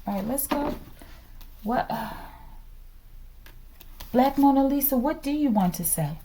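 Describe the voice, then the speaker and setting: Animated woman reading tarot cards. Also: sits high, unhurried. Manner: animated, calls out "collective" and "okay?" often. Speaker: tarot reader. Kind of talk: casual tarot reading to viewers.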